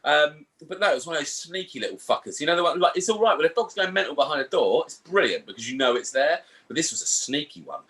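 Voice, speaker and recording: A man, co-hosting a casual podcast and telling stories in a sweary, animated way. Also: on the high side, fast, few pauses. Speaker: podcast co-host. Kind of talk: casual chat.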